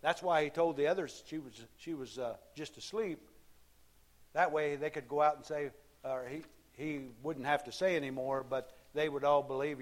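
A man's voice: fairly high pitch, steady tone, moderate pace. A man preaching a sermon as a pastor, in a conversational way full of rhetorical questions.

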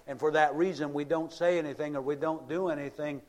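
Middle-aged male preacher, slightly high pitch, sermon delivery that swells to emphasis and slows for repetition. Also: steady tone, a little mellow. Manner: preaching with rising emphatic bursts and slow repeated lines. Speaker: pastor.

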